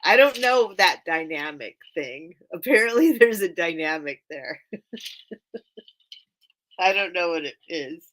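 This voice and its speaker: A woman hosts a relaxed live-stream sale, rambling and thinking aloud as she greets viewers by name. Her voice is bright and clear, and she takes her time between thoughts. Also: fairly low pitch, measured pace, pauses often. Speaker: live online sale host. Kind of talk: casual live-stream selling chat.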